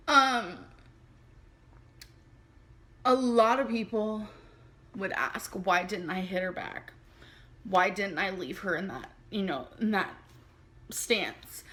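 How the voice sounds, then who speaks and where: A young adult woman telling a personal story on her vlog, speaking candidly and haltingly with many fillers. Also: a little high, animated, a bit bright. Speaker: vlogger.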